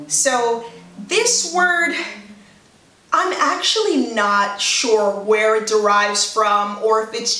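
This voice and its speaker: A woman teaching slang words in a casual video lesson, chatty and acting out example phrases with lively emphasis. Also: on the high side. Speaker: language teacher. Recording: roomy echo, somewhat far from mic.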